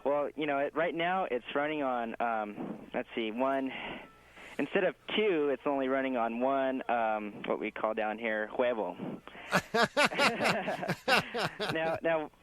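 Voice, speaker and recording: A man's voice: medium pitch, measured pace. Laid-back male caller over phone line. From Mexico. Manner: laid-back, chuckling, rambling. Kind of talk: phone-in conversation.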